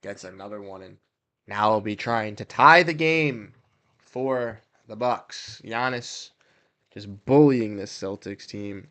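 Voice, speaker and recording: A young man hosting a casual livestream watch-along, reacting to plays and talking with his chat in quick, excitable bursts. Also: lowish voice. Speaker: livestream host. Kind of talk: casual live game commentary.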